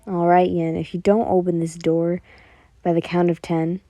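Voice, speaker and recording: A woman's voice: on the low side, flat delivery, moderate pace, dry recording, lo-fi sound, lightly acted. A woman voicing a stern adult male teacher who firmly warns a student to open the door.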